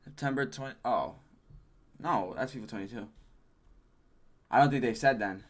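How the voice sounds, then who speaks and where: A man's voice: mid-range voice, normal speed. Sarcastic man reacting casually. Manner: blunt, sarcastic asides with slang and swearing. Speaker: streamer reacting to a game trailer.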